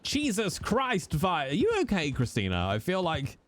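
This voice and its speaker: A man's voice: a little high, huge pitch swings, moderate pace, a bit bright, a little hiss or hum. A man, chatting casually with viewers on a live stream, jokey and teasing, with the odd swear.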